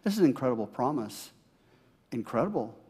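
A man pastor preaching a sermon, swinging from loud emphasis to hushed, near-whispered asides. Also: medium pitch, very animated, brisk, slightly rough.

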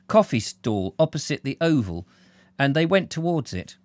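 A British man reads a novel live, then chats with viewers and warmly reads out their comments. His voice is fairly high and very animated, at a moderate pace with no room sound.

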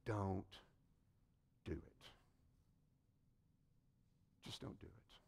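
Man quoting calm male teacher, soft, firm, measured, hushed sermon quote. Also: mid-range voice.

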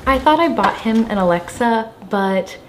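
A woman's voice: fairly high pitch, expressive, normal speed, background noise. A woman confiding to the camera in an amused way about a prank.

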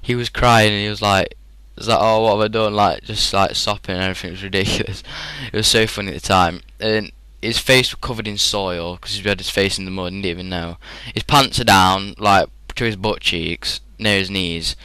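Chatty british teen lad telling a story over gameplay, lowish voice but bright and crisp, dry close mic. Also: male voice, steady tone, fairly quick, few pauses, no room sound, low-quality recording. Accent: British English. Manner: rambling, chatty, frequent fillers and laughs. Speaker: gaming commentator.

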